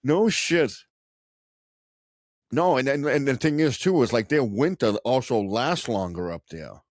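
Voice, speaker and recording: A man with a Boston accent hosting a podcast, telling stories in a loose, profane, animated way. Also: mid-range voice, unhurried, no echo, clean studio sound. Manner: animated, swearing storyteller. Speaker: podcast host. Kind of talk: casual profane chat.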